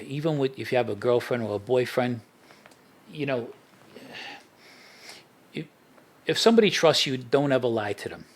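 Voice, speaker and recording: A middle-aged man, a podcast guest, telling street stories in a casual interview and laughing at his own anecdotes. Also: mid-range voice.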